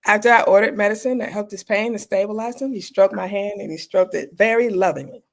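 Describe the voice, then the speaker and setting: A woman's voice: medium pitch, a little fast. A middle-aged woman doctor, a guest in an interview, telling personal stories candidly and acting out the people she quotes.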